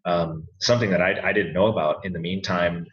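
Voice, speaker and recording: A man's voice: sits low, steady tone, a little fast. A man co-hosting a podcast, chatting casually in a laid-back way. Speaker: podcast co-host. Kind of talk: casual chat. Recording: roomy, dull mic with faint noise.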